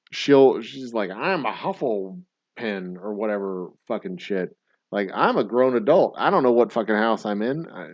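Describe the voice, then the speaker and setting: A man's voice: fairly low pitch, no room sound, lo-fi sound. A middle-aged man hosting a casual trivia livestream, rambling and swearing in mock-grumpy rants. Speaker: trivia game host.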